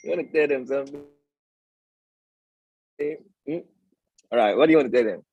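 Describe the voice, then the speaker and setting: A man with a husky, slightly breathy voice teaches a live trading lesson. The sound is dry and close. He talks in a preachy way, keeps checking in with "all right?" and answers his own questions. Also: mid-range voice, moderate pace, no echo, highs cut off. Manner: asks the audience rhetorical questions. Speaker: trading educator and stream host. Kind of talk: live-stream market lesson.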